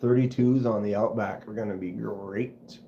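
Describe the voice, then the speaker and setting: A man's voice: fairly low pitch, moderate pace, slight background noise. Guy rambling on his live stream, does engine noises, roomy room, kinda dull sound. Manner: rambling, animated storyteller who mimics engine sounds. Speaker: livestream host. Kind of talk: casual livestream chat. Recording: roomy, slightly dull home stream audio.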